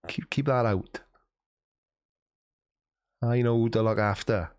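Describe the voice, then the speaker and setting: A man's voice: medium pitch, normal speed, long pauses, clean tone. Male streamer, dry self-deprecating humor, casual chat with viewers, mid-range voice. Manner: wry, self-mocking banter. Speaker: livestream host reading chat.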